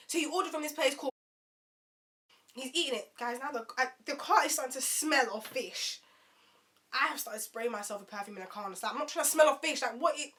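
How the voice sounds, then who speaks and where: Young woman, bright and fairly high voice, chatty storytime vlogger. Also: moderate pace, long pauses, a little hiss or hum. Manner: animated, chatty, addresses viewers as guys.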